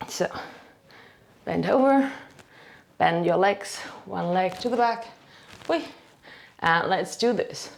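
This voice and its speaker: A woman's voice: medium pitch, lively intonation, takes it slowly, vocal fry, long pauses. A woman with as her leads a home dumbbell workout, a bit out of breath, chatty and self-deprecating, counting reps aloud. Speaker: fitness instructor. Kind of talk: casual workout instruction.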